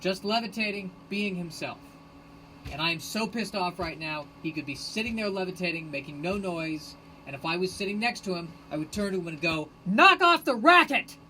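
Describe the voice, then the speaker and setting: A man's voice: sits high, fairly quick, slight background noise, poor audio. Sarcastic man ranting into his phone. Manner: sarcastic, self-mocking, erupts into shouted rants. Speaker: podcast host streaming live. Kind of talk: rambling solo live-stream monologue.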